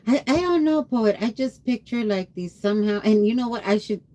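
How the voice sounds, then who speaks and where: A woman's voice: on the high side, lively intonation, a little fast, warm tone. A tired woman livestreamer chatting casually and rambling, greeting her viewers by name. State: tired after a long day.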